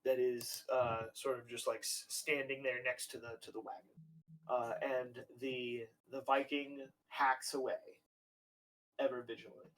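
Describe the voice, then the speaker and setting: A man's voice: medium pitch, level tone, measured pace, fairly bright tone. A man narrating as game master of a tabletop game, rambling and casual, with lots of fillers and swearing. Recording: voice a bit distant from the mic.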